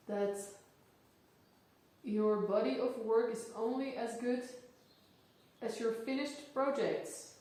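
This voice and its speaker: A young Dutch woman, a native speaker from the Netherlands, chats casually about her portrait painting in a studio vlog. Her voice is on the high side and warm, and she's a bit out of breath, with plenty of fillers and laughter.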